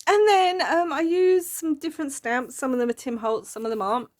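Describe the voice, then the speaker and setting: A woman's voice: high-pitched, expressive, a little fast, hardly any pauses. A middle-aged woman hosting a casual craft-journal flip-through, chatty and rambling and prone to giggling. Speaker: craft channel host.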